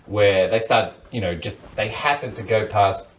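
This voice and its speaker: Australian comedian, animated storyteller, mid-pitched, voice a little distant from the mic. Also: male voice, moderate pace, reverberant, a little hiss or hum. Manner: animated, rambling, acts out other people's lines. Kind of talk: comic storytelling. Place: studio panel.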